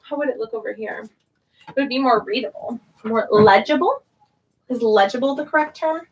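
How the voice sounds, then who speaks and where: Young woman teacher, high bright voice, chatty and giggly, casual livestream, faint hiss. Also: moderate pace. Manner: chatty, laughs often, thinks aloud. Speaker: online English teacher and vlogger.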